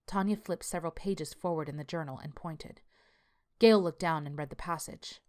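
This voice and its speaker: A woman tells a scripted story in a measured, even voice. Her pitch sits low. She keeps a steady storyteller's pace. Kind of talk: scripted narration.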